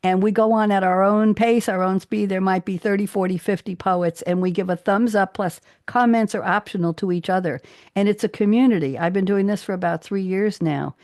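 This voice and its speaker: A woman hosting a radio talk show, chatting with guests in a lively, storytelling way. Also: medium pitch, fairly quick, no echo, clean studio sound. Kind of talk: casual radio chat. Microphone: studio microphone.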